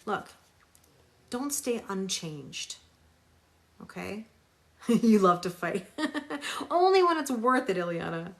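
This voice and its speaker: A woman's voice: mid-range voice, very animated, measured pace, gravelly, long pauses, a bit bright. A woman tarot reader on a live stream, talking emphatically, repeating phrases for stress and greeting viewers by name.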